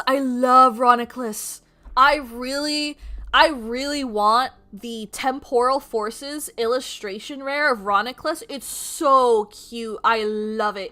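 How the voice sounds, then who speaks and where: A young adult woman streamer chatting casually while drawing, animated and profane, often laughing. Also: on the high side. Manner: animated, swearing, laughing, quoting people in mock voices.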